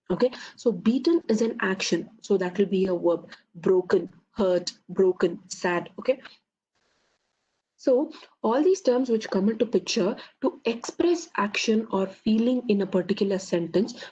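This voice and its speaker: A woman's voice: mid-range voice, warm tone, breathy edge, muffled recording. Woman teaching, rhetorical and patient. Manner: explains step by step with frequent "okay" and rhetorical questions. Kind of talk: online lecture.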